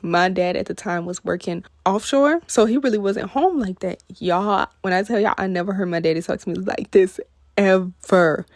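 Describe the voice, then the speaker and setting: A woman's voice: mid-range voice, moderate pace, no room sound, studio quality. A young woman, telling a casual storytime to viewers and acting out the quotes in her story. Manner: animated, addresses viewers as y'all, acts out quotes. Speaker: storytime vlogger.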